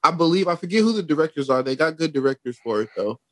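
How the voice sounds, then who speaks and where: A man in casual chat, relaxed and hesitant, with frequent ums and restarts. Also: on the high side, fast, dry recording.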